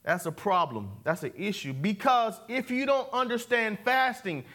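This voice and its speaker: High-voiced man preaching a sermon. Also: animated, moderate pace, a bit bright. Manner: call-and-response preaching, repeats key words. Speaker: pastor. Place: church sanctuary.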